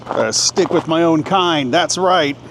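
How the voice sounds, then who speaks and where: Man in his thirties, travel vlogger, chatty and joking, slightly high voice, filmed outdoors with clear street and traffic noise. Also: measured pace. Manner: chatty, joking, thinking aloud. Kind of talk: casual walking vlog.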